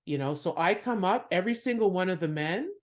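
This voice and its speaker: A woman's voice: lowish voice, a little fast. A woman comedian, a guest on a podcast, telling stories in casual chat and laughing often. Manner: animated storyteller, laughs often.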